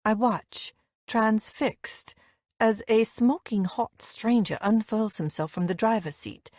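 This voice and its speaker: A woman reading a first-person romance audiobook with lively, wry storytelling. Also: a little high, slow, no room sound, studio quality. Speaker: audiobook narrator.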